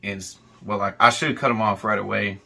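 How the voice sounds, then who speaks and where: Gravelly, bright-voiced man explaining himself. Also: lowish voice, fairly even intonation, a little fast, soft background music. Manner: earnest, apologetic, rambling with fillers. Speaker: co-host. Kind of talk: casual chat, explaining himself.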